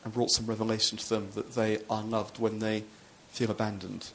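A man's voice: fairly low pitch, little pitch movement, moderate pace, slight background noise. A man, a pastor, preaching a sermon in a loose, conversational storytelling way with frequent restarts.

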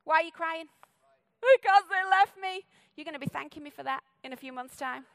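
A woman preaching a sermon in a church. She talks fast and sounds playful and full of energy. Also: high voice, fairly even intonation, gravelly, pushed and bright, no room sound. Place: church stage.

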